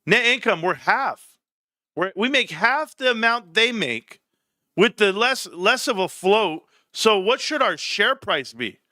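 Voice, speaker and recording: A man hosting a casual livestream from home, talking in an animated, rambling way with casual swearing. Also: sits high, measured pace, dry recording, clean studio sound. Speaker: livestream host.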